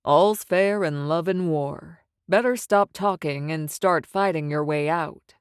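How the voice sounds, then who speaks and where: A woman's voice: deep voice, slow, clear, resonant tone, dry recording, studio quality. A woman doing a cocky, mocking male wizard. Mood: taunting. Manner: mocking, sing-song taunts.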